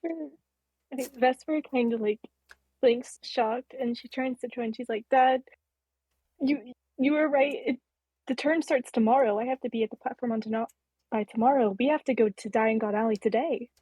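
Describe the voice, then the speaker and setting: A woman voicing her character in a tabletop game, a little hesitant. Her voice is dark and slightly husky, recorded dry and close. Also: on the high side, moderate pace, no echo, low-quality recording. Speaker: player.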